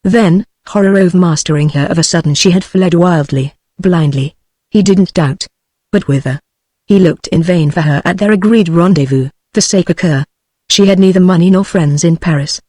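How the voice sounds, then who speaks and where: A woman's voice: lowish voice, normal speed, warm tone, dry recording. British-accented synthetic female narrator, dry. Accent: British English. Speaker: audiobook narrator. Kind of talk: text-to-speech book reading.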